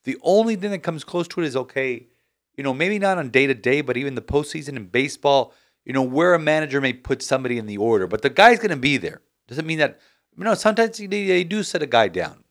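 Man, podcast host, casual sports chat, mid-pitched voice, animated, rambling. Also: fast talker. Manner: animated, rambling, frequent restarts.

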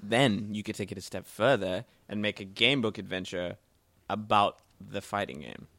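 A man's voice: lowish voice, normal speed, pushed and bright, dry recording. A man hosting a live podcast in casual chat, rambling with many fillers. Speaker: podcast host. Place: bookstore, live event.

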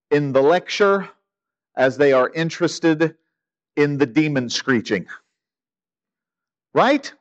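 A man preaching an expository sermon in a conversational, emphatic way, with sudden loud quoted commands. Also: on the high side, highs cut off. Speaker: pastor.

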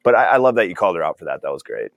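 A man's voice: low voice, sing-song, racing, creaky, noisy background. A man as a podcast guest, talking in a rambling, exasperated way and laughing often. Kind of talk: casual political chat.

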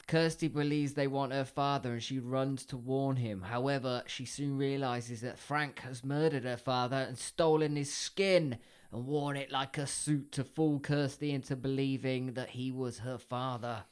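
A man's voice: medium pitch, clear, resonant tone. Jokey man recapping a film plot. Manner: jokey, laughs often. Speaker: podcast co-host. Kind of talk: casual chat and plot recap.

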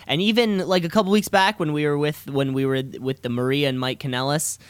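Male podcast co-host, raised pitch, rambly and teasing, dry recording. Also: fairly even intonation, brisk, clean tone, dry recording. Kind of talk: casual chat about wrestling.

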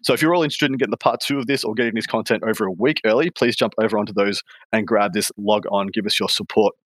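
A man's voice: fairly low pitch, fairly even intonation, quick pace, dry recording. A man with an Australian accent hosting a gaming podcast, chatty and rambling, often laughing. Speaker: podcast host. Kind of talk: casual chat.

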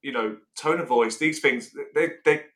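A man's voice: mid-range voice, normal speed, a bit bright. A man hosting a podcast chat with two guests, talking in a hesitant way. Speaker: podcast host interviewing guests. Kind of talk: casual chat.

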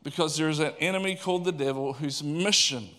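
A man preaching a sermon in an animated, conversational way, asking the audience questions. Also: on the high side, brisk. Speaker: pastor.

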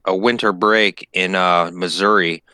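Florida guy, bright edgy voice, rambling casual storyteller. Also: sits low, fairly even intonation, a little slow, clear, resonant tone, dry recording. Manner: rambling storyteller, swears, laughs mid-sentence. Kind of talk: casual chat.

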